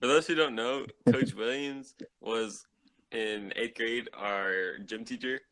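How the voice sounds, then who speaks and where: A man's voice: medium pitch, slow pace, a bit bright, a little hiss or hum, rough recording. Laid-back joking teenage boy. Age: teens. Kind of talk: casual chat.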